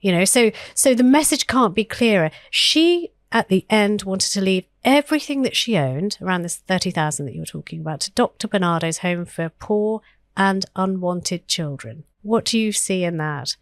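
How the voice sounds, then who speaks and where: A woman's voice: medium pitch, expressive, moderate pace, dry recording, studio quality. A woman co-hosting a history podcast, talking in an earnest, thoughtful way with frequent fillers and restarts. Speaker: podcast co-host.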